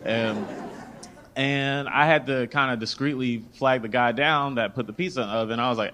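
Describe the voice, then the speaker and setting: On a comedy club stage in front of a laughing audience, a young Southern American man with a medium-pitched voice delivers a stand-up set at a moderate pace. He tells animated stories and acts out the voices of people he meets.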